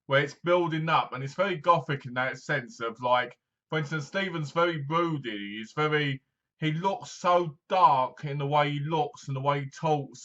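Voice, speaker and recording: A man's voice: fairly high pitch, a bit bright, highs cut off. A man giving a casual, rambling movie review, full of fillers. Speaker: film reviewer.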